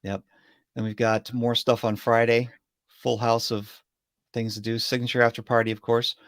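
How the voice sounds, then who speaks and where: Relaxed male livestream host. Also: medium pitch, no echo, studio quality. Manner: relaxed, halting, with many fillers. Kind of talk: casual livestream chat.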